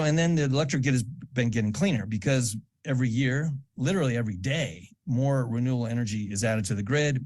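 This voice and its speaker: A man's voice: on the low side, darkish tone. A man giving a conversational educational talk with slides at a church event, explaining step by step and often restarting phrases.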